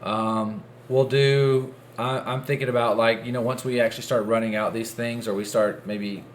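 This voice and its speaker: A man's voice: medium pitch, fairly even intonation, moderate pace, slight background noise. A man co-hosting a casual late-night podcast, rambling and joking with many restarts. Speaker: podcast co-host. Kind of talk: casual late-night chat over beers.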